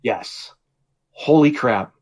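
Animated, swearing male podcast host. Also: mid-range voice, extremely slow, breathy edge. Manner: animated storyteller who swears freely and laughs often. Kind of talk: casual podcast chat.

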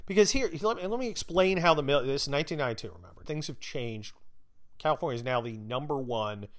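A man's voice: mid-range voice, animated, fast talker. Blunt, profane storytelling man. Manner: profane, blunt, acts out quoted voices. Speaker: podcast host. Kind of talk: casual storytelling.

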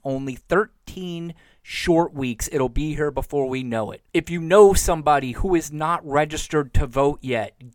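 A man's voice: a little high, no echo. A man from Florida hosting a solo political podcast from home, sarcastic and getting worked up as he goes. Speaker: podcast host. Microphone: home recording mic.

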